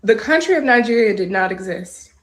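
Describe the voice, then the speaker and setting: A woman's voice: fairly high pitch, animated, a little fast. A woman giving indignant, argumentative commentary to camera, full of rhetorical questions. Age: adult. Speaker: social media commentator.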